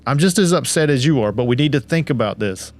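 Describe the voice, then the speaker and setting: A man's voice: medium pitch, lively intonation, fast talker, faint music behind, close to an everyday voice. A man voicing a worried young husband, earnest and pleading. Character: worried young husband grieving his dog.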